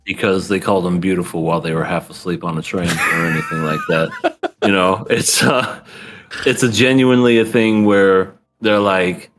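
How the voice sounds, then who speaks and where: A man co-hosting a podcast, chatting about anime in an animated, joking way. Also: low-pitched, moderate pace, slight background noise. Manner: animated and joking, swooping into silly voices. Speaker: podcast co-host. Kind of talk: casual chat reviewing anime.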